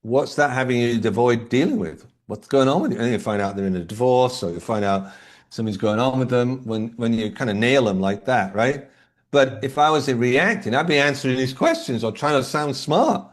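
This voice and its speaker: A man's voice: mid-range voice, animated, fairly quick. Man coaching through anecdotes. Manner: explains by telling anecdotes and asking rhetorical questions. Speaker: leadership coach, podcast guest. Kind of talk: conversational interview answers.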